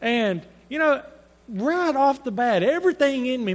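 A man's voice: very high-pitched, expressive, unhurried, big-room sound. A man preaching a sermon, speaking in an earnest, conversational storytelling way with frequent restarts.

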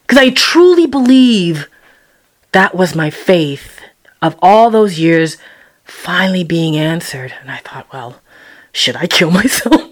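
A woman telling a personal story, expressive and acting out her own quoted words with sudden jumps in pitch and loudness. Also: slow. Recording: roomy echo.

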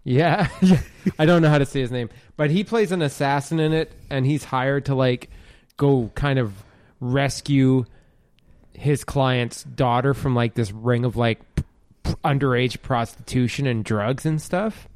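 A podcast host in his forties chats casually about movies, rambling with lots of fillers and the odd swear word. His mid-range voice is a little mellow and measured, on a dry recording.

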